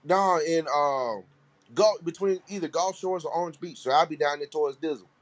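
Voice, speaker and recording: A man's voice: a little high, normal speed. A man co-hosting a live online show, joking in casual banter and often repeating himself. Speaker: co-host.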